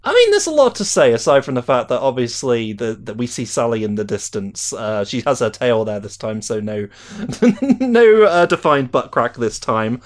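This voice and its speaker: A man's voice: medium pitch, big pitch swings, moderate pace. A man co-hosting a podcast, chatting playfully and hesitantly with fillers. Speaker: podcast co-host. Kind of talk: casual chat.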